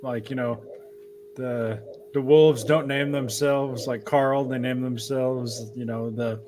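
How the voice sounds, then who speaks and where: A laid-back man chiming into a friendly chat at a middle pitch. A faint noise sits behind his voice. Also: steady tone, slow, a little mellow. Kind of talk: casual chat.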